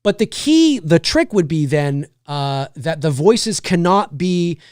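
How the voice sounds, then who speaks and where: A man's voice: a little high, big pitch swings, slow, clean tone, no room sound, clean studio sound. A man hosting a casual livestream, thinking aloud and rambling with lots of restarts, candid and casual with occasional swearing. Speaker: livestream host. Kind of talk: casual chat.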